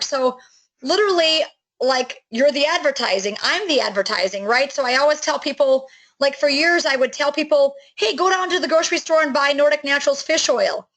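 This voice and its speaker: High, upbeat woman pitching a business. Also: fairly quick, a bit bright, rough recording. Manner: enthusiastic, chatty, many fillers and restarts. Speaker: network marketing recruiter. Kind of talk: sales pitch on a call.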